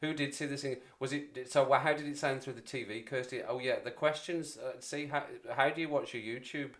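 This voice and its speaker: A man's voice: mid-range voice, fairly even intonation, brisk, fairly bright tone. Rambling, chatty man. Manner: rambling, chatty, self-deprecating. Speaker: livestream host. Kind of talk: casual livestream chat.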